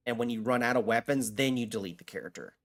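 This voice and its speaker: A man's voice: mid-range voice, fast talker, a bit bright. A man streaming a video game, chatting casually and rambling with lots of restarts and fillers as he answers viewers. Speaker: gaming streamer. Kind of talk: casual live-stream chat while gaming.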